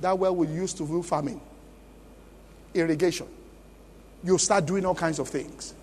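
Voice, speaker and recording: A man's voice: fairly high pitch, steady tone, moderate pace, a little mellow, big-room sound, a little hiss or hum. A Nigerian man preaching a sermon as pastor at a church conference, emphatic and often asking the congregation questions. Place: large church conference hall.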